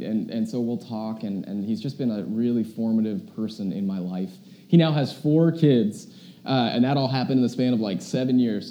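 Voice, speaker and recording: A young man preaching a casual, chatty sermon, telling stories with lots of fillers. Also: mid-range voice. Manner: chatty, animated storytelling with many fillers. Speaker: pastor.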